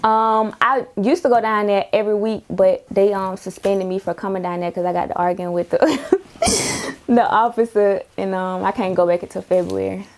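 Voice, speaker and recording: A woman's voice: medium pitch, moderate pace. A young woman rapper in a casual interview, telling stories animatedly and laughing often.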